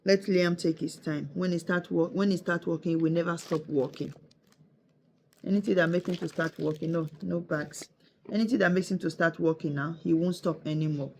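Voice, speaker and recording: A woman in her thirties chats on a home vlog, teasing and cooing at her baby with easy laughter. She turns to reassure her viewers in a relaxed, direct way. A faint hum of room ambience sits behind her voice. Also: on the low side, fairly quick. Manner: playful, laughs often, coos and teases. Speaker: mother and family vlogger.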